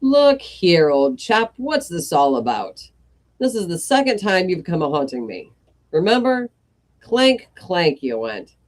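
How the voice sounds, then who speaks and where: A woman's voice: on the low side, sing-song, unhurried, darkish tone. A woman voicing a pompous, showy old male miser who talks in a posh, blustering way.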